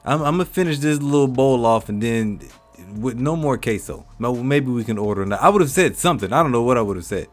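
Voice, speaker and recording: A man's voice: mid-range voice, lively intonation, fast, faint music behind. A man hosting a reaction channel, commenting on a clip in an indignant, emphatic way and talking back at it.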